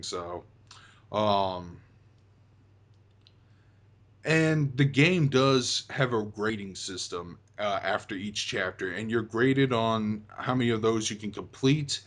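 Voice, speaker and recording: A young man hosting a casual chat about a video game, rambling with many fillers and restarts. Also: lowish voice. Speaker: host.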